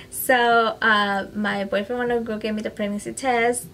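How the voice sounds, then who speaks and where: A chatty woman with a slightly raised pitch tells a personal story straight to camera. Her casual talk is full of "like" and "you know", and she slips into Spanish phrases. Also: little pitch movement, unhurried, sharp tone, a little hiss or hum, rough recording. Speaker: vlogger.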